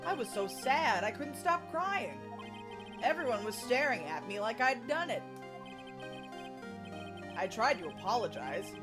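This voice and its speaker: A young man quietly recalls a painful school memory, read by a woman in her own voice. The delivery is soft and subdued over a lively, fairly high pitch. Game music plays behind. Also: unhurried, pauses often. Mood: wistful. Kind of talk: game narration read aloud. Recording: music playing underneath.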